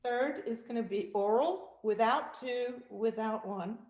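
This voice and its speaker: A woman with a fairly high voice coaching singers over a video call, demonstrating exercises with quick sung snippets and easy laughter. Her voice rings in an echoey room. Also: muffled recording. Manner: animated, demonstrative, laughs often, sings vocal exercises. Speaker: vocal coach and guest speaker. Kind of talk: vocal technique demonstration. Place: virtual meeting.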